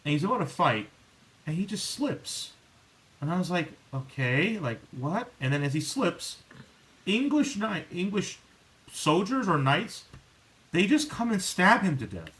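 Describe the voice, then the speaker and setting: A man's voice: sits high, a little slow, long pauses, poor audio. A man hosting a podcast, chatting casually and rambling with many restarts. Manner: rambling, many restarts and fillers, animated when exasperated. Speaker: podcast host. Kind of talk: casual chat.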